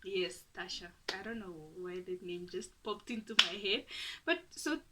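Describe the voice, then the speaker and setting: A woman's voice: mid-range voice, lively intonation, normal speed, noisy background. A young woman from Namibia, telling a personal story to her viewers in a chatty, dramatic way and laughing at herself often. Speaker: YouTuber. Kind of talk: casual storytime.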